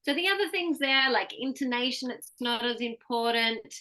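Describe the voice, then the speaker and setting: Australian female pronunciation coach; bright, slightly high voice; patient, models each word clearly. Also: moderate pace. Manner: explains patiently, models words for repetition. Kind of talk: one-on-one pronunciation lesson.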